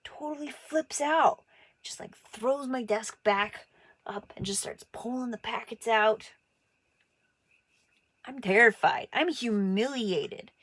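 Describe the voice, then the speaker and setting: A woman casually telling stories about her childhood, acting out other people's voices with big jumps in her pitch. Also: takes it slowly, pauses often, a bit bright, no room sound. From Montana. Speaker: artist telling her life story. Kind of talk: casual personal storytelling.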